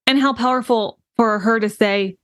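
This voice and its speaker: A woman's voice: a little high, fairly even intonation, normal speed, a bit bright, dry recording, clean studio sound, faint music behind. A woman co-hosting a podcast in casual discussion, affirming her partner often and reflecting on parenting ideas. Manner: affirming, frequent "mm-hmm", reflective. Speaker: podcast co-host. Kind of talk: casual book club discussion.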